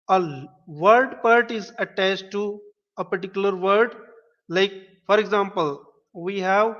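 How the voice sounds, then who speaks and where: A man's voice: high-pitched, a bit bright. A man teaching an online linguistics lecture, explaining step by step and spelling words out letter by letter, often restarting his sentences. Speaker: webinar lecturer. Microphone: webinar stream. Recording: dull lo-fi audio with long reverb.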